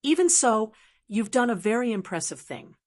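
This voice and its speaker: A woman voicing an excitable male butler in an audiobook, his voice trembling with excitement. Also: on the high side, normal speed. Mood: eager.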